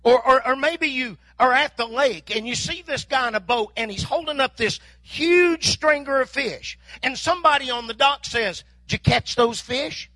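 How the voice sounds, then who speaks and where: A man's voice: extremely high pitch, normal speed, few pauses, bright, forceful tone, no echo. An older man preaching a sermon, telling folksy stories and acting out bits of dialogue. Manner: folksy storytelling with mock dialogue. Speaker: pastor.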